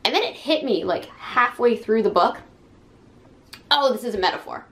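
A woman's voice: fairly high pitch, lively intonation, moderate pace, a bit bright. A young woman giving a frank, casual book review, talking with many fillers and sounding exasperated.

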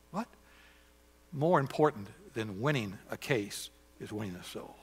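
A man preaching a sermon in a church, telling stories with lively swings between hushed asides and emphatic outbursts. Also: fairly low pitch, measured pace, husky. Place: church sanctuary. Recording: church hall with long reverb.

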